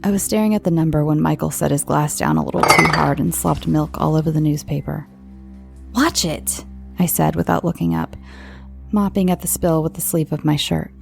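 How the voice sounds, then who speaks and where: An American woman hosting a podcast and narrating horror stories in a soft, friendly way that sometimes dips into whispers. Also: low-pitched, fairly even intonation, a little fast, gravelly, over music. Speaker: host and storyteller. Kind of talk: calm horror story narration.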